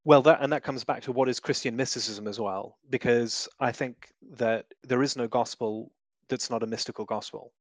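A man's voice: mid-range voice, fairly even intonation, moderate pace, dry recording. A man guest giving conversational theological teaching, emphatic and full of vivid examples with shifting inflection.

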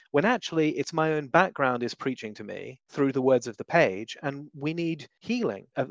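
A man's voice: mid-range voice, no echo, lo-fi sound. Guy teaching about faith in a chat, punchy delivery, lots of examples, dead dry mic. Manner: emphatic, explains with vivid examples and shifting inflection. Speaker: guest, Christian teacher. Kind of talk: conversational theological teaching.

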